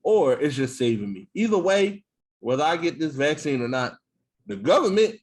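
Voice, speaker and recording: Husky male podcast co-host with a lively, swooping delivery and joking, profane banter. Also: a little high, moderate pace. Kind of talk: casual chat.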